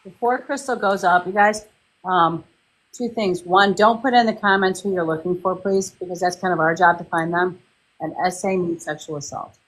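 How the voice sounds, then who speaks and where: Woman host, lowish voice, quick practical announcements to the viewers. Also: steady tone, a bit bright, rough recording. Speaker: host of the live reading session.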